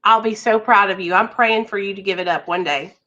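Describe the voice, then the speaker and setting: A woman's voice: mid-range voice, fairly quick, pushed and bright, highs cut off. A woman hosting a recovery channel, talking casually with a friend in blunt, caring, pleading words. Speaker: host. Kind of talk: casual chat.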